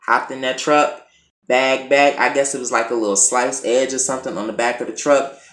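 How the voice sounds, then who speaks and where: A man at a middling pitch recaps a TV episode in loose, slangy talk. He acts out the characters' lines as he tells it. His voice rings with a roomy echo. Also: fairly even intonation, fairly quick, a bit bright. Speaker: TV show reviewer.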